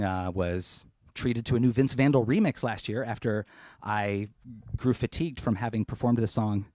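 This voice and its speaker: A man speaking softly and casually in his apartment, then rapping over a beat during a live stream concert. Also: fairly low pitch, dry recording. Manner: soft, rambling spoken asides. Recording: loud hip hop backing music.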